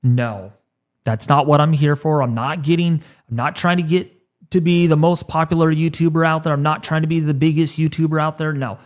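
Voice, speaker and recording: Man in his 30s, slightly high voice, emotional livestream host, halting, repeats himself. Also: fairly even intonation.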